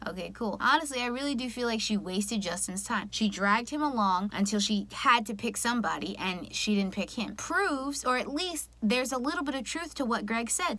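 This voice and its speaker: A woman's voice: fairly high pitch, a bit bright, no echo. A woman giving sassy, slangy, opinionated commentary in a casual recap vlog, recorded at home late at night. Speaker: reality TV recap vlogger.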